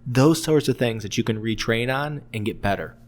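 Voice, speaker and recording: A man's voice: mid-range voice, moderate pace. A man co-hosting a restaurant podcast in casual chat, agreeable and often backing others up. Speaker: podcast co-host.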